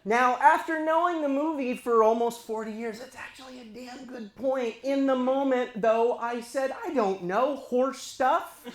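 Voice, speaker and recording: A man's voice: very high voice, fairly even intonation, normal speed, few pauses, roomy sound. A man in his forties from eastern Los Angeles County doing a stand-up comedy set on a club stage, talking to the crowd in a conversational, self-deprecating way. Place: comedy stage before a live audience.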